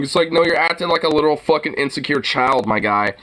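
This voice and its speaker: A young man giving casual, profane reaction commentary on a video, incredulous and quick to laugh. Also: a little high, expressive, a bit bright. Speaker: reaction streamer.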